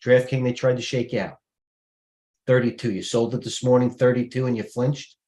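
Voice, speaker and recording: A middle-aged man hosts a stock trading livestream, giving rapid-fire live market commentary as he rattles off tickers. His brash, blunt, jumpy manner comes through a warm, medium-pitched voice with fairly even intonation at a normal speed. He talks straight to his viewers and sounds out of breath.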